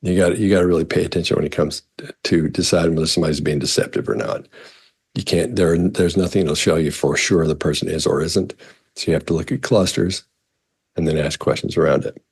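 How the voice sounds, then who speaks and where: A man's voice: low voice, steady tone, brisk, creaky, husky. A man, a body language expert, casually answering viewer questions in a rambling way, often restarting his phrases. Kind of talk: casual explanatory talk.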